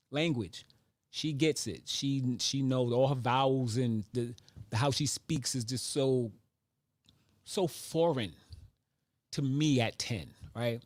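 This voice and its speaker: A man's voice: medium pitch, slow, pauses often, dry recording. Man musing, dry close sound. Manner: animated storyteller, acts out voices of others. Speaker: vlogger. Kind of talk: casual reflective monologue.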